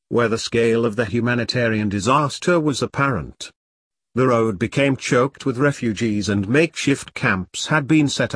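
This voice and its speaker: A man narrating an audiobook in a steady, measured way at a middling pitch. The recording is close and dry, with no room sound around it. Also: dry recording. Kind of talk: scripted narration.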